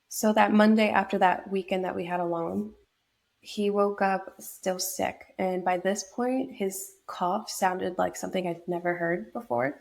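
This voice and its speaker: Young woman with a gravelly voice. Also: on the low side. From New York state. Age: young adult. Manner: reflective, many fillers and restarts. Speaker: podcast guest. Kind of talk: personal storytelling in an interview.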